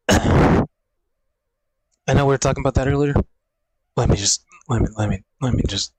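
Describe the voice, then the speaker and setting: Very husky young man groaning in pain. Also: medium pitch, moderate pace, long pauses, darkish tone, no room sound, rough recording. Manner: swears often, talks to himself. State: short of breath. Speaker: streamer. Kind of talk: casual talk to viewers. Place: at home, indoors. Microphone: desk microphone.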